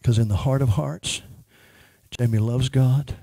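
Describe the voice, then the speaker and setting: A man's voice: mid-range voice, fairly even intonation, measured pace, vocal fry, mellow, breathy edge, dry recording. A man ministering as a prophet, speaking emphatically and praying over a woman in church. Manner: emphatic, prays over a person.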